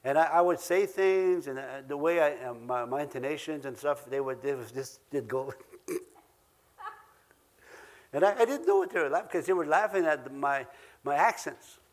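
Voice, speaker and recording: A man's voice: on the high side, moderate pace. A man with an Ojibwe accent preaching a sermon, earnest and repeating key phrases for emphasis, with chuckles between points.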